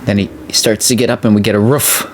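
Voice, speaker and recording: A man hosting a let's play, chatting casually and excitably as he plays. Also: a little fast, a little hiss or hum. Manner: chatty, excitable, voice jumps high when excited. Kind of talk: casual gameplay commentary.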